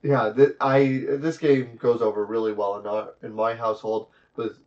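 A man's voice: mid-range voice, little pitch movement, moderate pace, a little mellow. A man co-hosting a podcast, chatting casually about games and often chiming in with short agreements. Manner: agreeable, frequent short affirmations. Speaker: podcast co-host. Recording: dull lo-fi audio.

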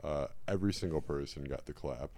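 A man's voice: very deep voice, brisk, a little mellow, dry recording. A young man on a casual podcast, telling a story in a rambling way with many fillers. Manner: rambling, full of fillers and laughs. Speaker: podcast co-host.

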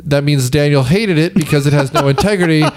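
A Midwestern-accented man hosts a movie podcast in a rambling, joking way, poking fun at himself. His voice sits a little higher than most men's. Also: brisk, a little mellow, slight background noise. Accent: Midwestern American. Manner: rambling, joking, self-deprecating. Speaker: podcast host. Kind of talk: casual movie-review chat.

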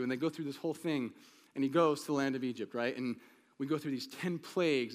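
A man's voice: medium pitch, fast, long reverb tail. A man preaching a conversational sermon to a congregation, asking them questions and acting out the quoted lines. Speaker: pastor.

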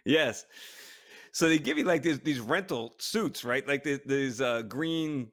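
A man co-hosting a podcast, telling stories in a casual, animated way, laughing often and restarting sentences. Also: mid-range voice, measured pace. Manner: animated storytelling, laughing a lot, many restarts. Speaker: podcast co-host, former astronaut. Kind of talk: casual chat.

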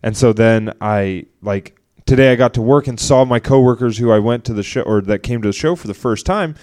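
A young man co-hosting a comedy podcast, telling a long story in a rambling, animated way and acting out what others said. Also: mid-range voice, brisk. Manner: rambling, animated retelling with quoted voices. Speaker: podcast co-host. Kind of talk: casual storytelling chat.

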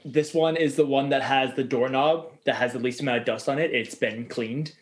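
A man's voice: mid-range voice, moderate pace. A man narrating as game master, easygoing and hesitant, with many fillers.

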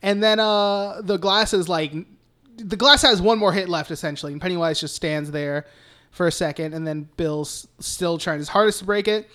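A man's voice: sits high, moderate pace, a bit bright. A man co-hosting a casual film podcast, recapping scenes in a rambling way with lots of swearing and filler words. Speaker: podcast co-host.

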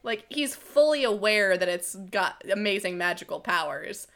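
A woman's voice: mid-range voice, lively intonation, normal speed, fairly bright tone. A woman hosting a casual chat, encouraging her guest and giggling often. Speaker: host.

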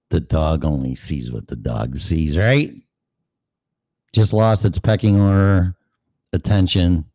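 Brief: low-voiced male host, profane and chatty, dry close-up sound. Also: warm tone, no room sound. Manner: profane, conversational, asks rhetorical questions. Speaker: show host. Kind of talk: casual rambling monologue.

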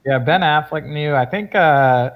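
A man's voice: fairly high pitch, a little slow, fairly bright tone. A man co-hosting a casual podcast, agreeing and speaking hesitantly. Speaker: podcast co-host. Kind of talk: casual group chat.

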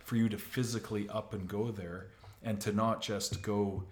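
A man from Canada hosting a casual talk, telling stories with animated energy, swearing and laughing along the way. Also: lowish voice, normal speed, echoey room. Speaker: podcast host. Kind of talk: casual conversation.

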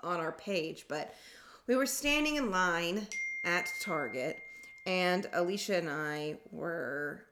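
A woman with a fairly low voice co-hosts a podcast. She chats casually, winds through stories, and laughs easily along the way. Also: expressive, slow, background noise. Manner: chatty storyteller, laughs easily. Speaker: podcast co-host. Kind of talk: casual chat.

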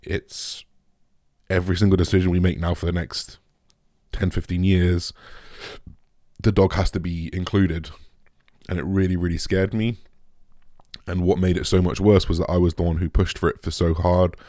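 A young man talking candidly and emotionally to his viewers, halting often, restarting sentences and swearing. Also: deep voice, flat delivery, dark tone, no echo, clean studio sound. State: emotional, shaken. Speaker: vlogger. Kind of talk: candid personal talk to camera.

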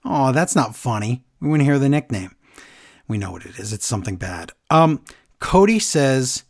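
Animated man recapping a story. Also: mid-range voice, moderate pace. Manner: animated storyteller, quoting others in a flat retelling voice. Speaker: podcast co-host. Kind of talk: casual chat, recapping a wrestling segment.

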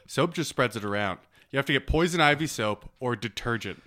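A young man jokes around on a casual podcast, laughing easily and swearing freely. His voice is bright and forward, at an ordinary male pitch. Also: animated, fairly quick. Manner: laughs often, crude joking. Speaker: podcast co-host.

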